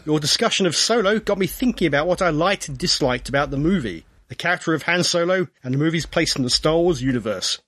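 A man's voice: a little high, lively intonation, fast, few pauses, a bit bright, no echo, studio quality. A man co-hosting a podcast, chatting in an easygoing, wry way and reading out listener mail. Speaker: podcast co-host. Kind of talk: casual podcast chat.

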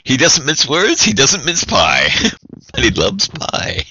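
A man's voice: fairly high pitch, huge pitch swings, slow pace, bright, forceful tone, lo-fi sound, slight background noise. A man giving a joking, tipsy holiday greeting as a podcast guest, giggly and singsong.

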